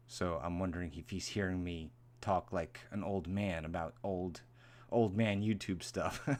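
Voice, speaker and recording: Rambling man chatting on a live stream. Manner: rambling, repeats himself, jumps to high mock voices when imitating angry people. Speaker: vlogger hosting a live stream. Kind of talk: casual live-stream chat.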